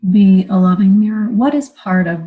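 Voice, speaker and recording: A woman interviewer asking questions haltingly, searching for her words. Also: medium pitch, phone-quality sound. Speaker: interviewer host.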